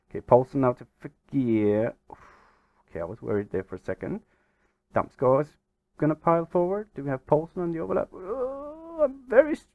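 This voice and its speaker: A man's voice: mid-range voice, no echo, phone-quality sound. Exasperated man narrating a football game. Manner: exasperated, excitable, swears mildly. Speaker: gaming channel host. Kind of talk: let's-play commentary.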